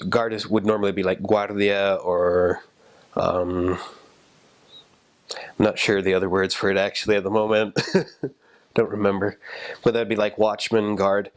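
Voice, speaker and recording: Man, low voice, casual explainer, easygoing. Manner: relaxed, explanatory, with fillers and laughs. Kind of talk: casual chat about language.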